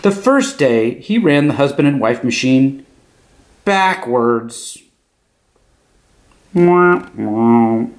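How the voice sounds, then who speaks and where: A man reading a children's picture book aloud as a clown storyteller, in an expressive manner. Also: medium pitch, extremely slow, long pauses. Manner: expressive, animated.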